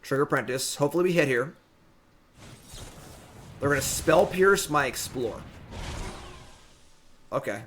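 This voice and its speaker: A man talks through a card game from his home desk mic in a casual, excitable stream. His pitch swings widely, jumping up when things go his way, and his voice sits a bit higher than most men's. A faint hiss sits under the recording. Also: measured pace, pauses often. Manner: excitable, talks to the audience as "folks". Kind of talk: casual gameplay commentary.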